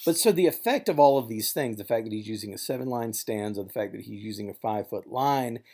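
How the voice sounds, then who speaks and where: Mellow-voiced man lecturing on poetry. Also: on the low side, fast talker. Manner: relaxed, thinking aloud with fillers, taps out rhythms with nonsense syllables. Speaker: literature instructor. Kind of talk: recorded classroom lecture.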